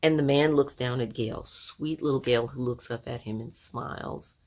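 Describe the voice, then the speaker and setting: A woman's voice: very deep voice, moderate pace. A woman in her sixties from Oklahoma telling a childhood story in a conversational, reflective way, full of asides. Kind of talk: personal storytelling to camera.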